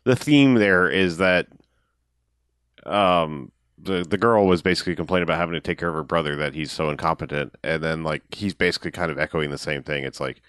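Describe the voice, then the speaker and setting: A man's voice: sits low, brisk, a bit bright, smooth, no room sound. A man co-hosting a casual podcast about a film, making dry wisecracks and quoting the characters animatedly. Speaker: podcast co-host. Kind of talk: casual movie recap chat.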